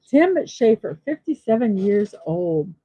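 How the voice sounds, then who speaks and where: A woman's voice: mid-range voice, big pitch swings, takes it slowly, mellow, breathy edge, no room sound, low-quality recording. A woman hosting a daily morning show, chatting casually and reading off birthday lists with self-deprecating asides. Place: East Coast of the United States.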